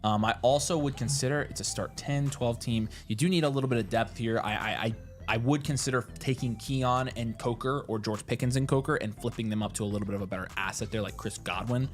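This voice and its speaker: A man's voice: medium pitch, quick pace, faint music behind. Rambling, easygoing male podcast co-host. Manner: rambling with filler words and restarts, laughs easily. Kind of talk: casual fantasy football advice chat.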